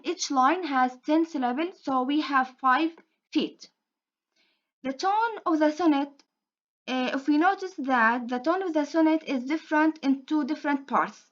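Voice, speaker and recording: High-voiced young woman giving a class talk. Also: a bit bright, dull audio. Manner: careful, halting, repeats phrases. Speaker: student presenter. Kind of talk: class presentation.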